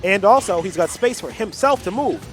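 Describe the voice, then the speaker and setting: High-voiced male caster over game music. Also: lively intonation, a little fast, a bit bright. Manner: analytical, frequent ums and restarts. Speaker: tournament caster. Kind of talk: color commentary on a game match.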